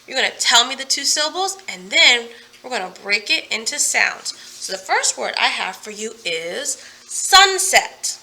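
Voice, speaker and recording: A young woman teaching an online phonics lesson, upbeat and playful, stretching out words slowly and clearly. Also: a little high, big pitch swings, sharp tone, slight background noise. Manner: upbeat, playful, slow and emphatic.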